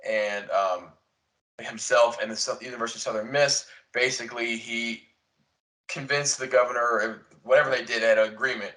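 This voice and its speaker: A young man co-hosting a podcast, rambling through a casual chat, swearing often and retelling events with animated quotes. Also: medium pitch, moderate pace, rough recording. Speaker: podcast co-host. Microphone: desk podcast mic.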